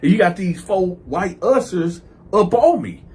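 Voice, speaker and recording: A man with a husky, fairly high voice spins a casual story to camera. He swings his pitch all over and acts out every scene with plenty of swearing. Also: measured pace. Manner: animated, profane, acts out the scenes. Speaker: storytelling video host.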